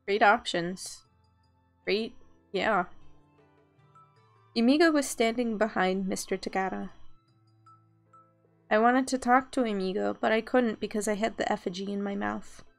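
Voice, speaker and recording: A woman's voice: mid-range voice, a little slow, gravelly, pauses often, soft background music. A woman reading a visual novel aloud, narrating and adding chatty asides. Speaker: game reader.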